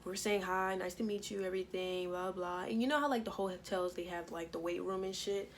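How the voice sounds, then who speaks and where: A young woman casually telling a personal story to her viewers, profane and lively, acting out what everyone said. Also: on the low side, a little fast, slight background noise, rough recording. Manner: animated, profane, acts out quotes. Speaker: storytime vlogger.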